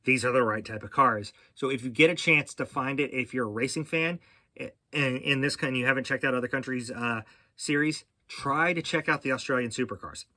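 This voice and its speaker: A man's voice: mid-range voice, brisk, pushed and bright. A man hosting a casual racing podcast, talking in a rambling way with many fillers and restarts. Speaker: podcast host.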